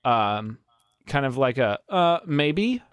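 A man with a smooth, resonant voice who delivers wry jokes in a deadpan way. He chats casually with his co-hosts. The sound is dry and close. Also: medium pitch, takes it slowly, no echo. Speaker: podcast co-host. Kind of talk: casual banter.

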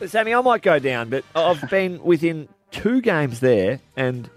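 A man's voice: a little high, big pitch swings, a little slow, faint music behind. A man co-hosting radio, teasing the others and laughing easily. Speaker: radio co-host. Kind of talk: casual radio banter.

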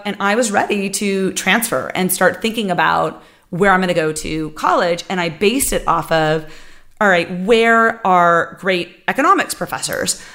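Animated woman telling her story. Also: mid-range voice. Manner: animated, acts out quoted voices, laughs while talking. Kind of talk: motivational personal storytelling.

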